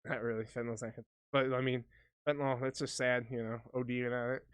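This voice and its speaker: Guy rambling on a podcast, swears a lot, jokey, kinda high voice for a big dude, dry close sound. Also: level tone, fast talker, clean tone, dry recording. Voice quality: high voice for a big man, says smoking affected it. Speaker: podcast co-host. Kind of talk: casual chat.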